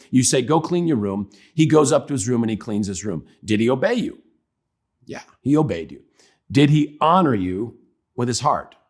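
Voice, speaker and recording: A man's voice: fairly low pitch, husky. A man giving a Christian parenting talk in a conversational, humorous way. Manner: conversational, humorous, acts out examples. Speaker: parenting speaker.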